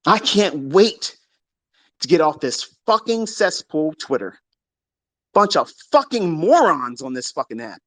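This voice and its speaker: A man hosting a live audio room, ranting in a casual, heated way. He is profane, taunting and boastful, and he swings between loud outbursts and low mutters. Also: sing-song, measured pace, no echo.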